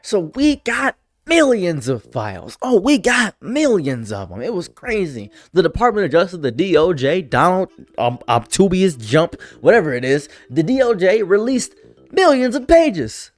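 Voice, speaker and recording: Sarcastic ranting man, animated pitch. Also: no room sound. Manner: sarcastic, exasperated, swings pitch for mock voices. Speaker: commentary streamer. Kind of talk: ranting political commentary.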